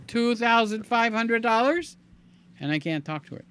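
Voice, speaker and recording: An older man hosting a live stream in a casual, chatty way, reading viewer comments aloud with a hoarse, tiring voice. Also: extremely high pitch, lively intonation, normal speed, fairly bright tone, a little hiss or hum. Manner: chatty, reads viewer comments aloud, hums filler sounds. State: hoarse, voice giving out. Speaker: livestream host.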